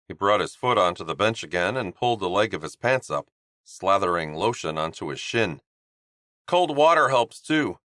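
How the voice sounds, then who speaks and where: A man narrating an audiobook in a steady, even storytelling manner on a close studio mic. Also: low-pitched, dry recording. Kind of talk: scripted narration.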